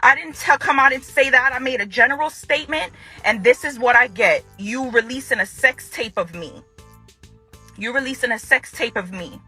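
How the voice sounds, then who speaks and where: Furious husky-voiced woman confronting her ex. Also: a little high, normal speed, bright, forceful tone, faint music behind. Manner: confrontational, repeats phrases for emphasis. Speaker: ex-wife speaking out. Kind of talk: angry direct-to-camera statement.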